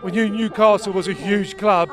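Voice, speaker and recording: A man's voice: sits high, steady tone, normal speed, over music. A man with a London accent, a player's father, speaking proudly and a little hesitantly outdoors at a parade.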